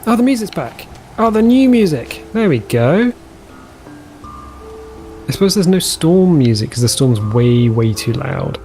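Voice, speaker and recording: A man's voice: on the high side, sing-song, measured pace, warm tone, faint music behind. A man giving casual, chatty commentary over his own gameplay, easily delighted and trailing off mid-sentence as he explores. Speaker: let's play host.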